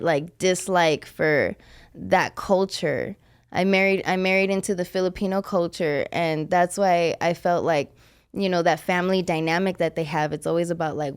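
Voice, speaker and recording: A young adult woman hosts a podcast, sharing a personal story in a blunt, profane, and emotional confessional way. Her voice is fairly low-pitched and smooth, and the talk is casual podcast chat.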